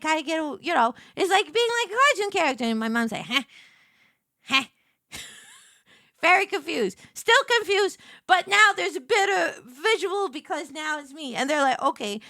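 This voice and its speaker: Bright, high-voiced animated woman streamer. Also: dry recording, studio quality. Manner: animated, jumps into high excited voices when quoting herself; laughs often, rambling with many fillers. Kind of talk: casual storytelling chat.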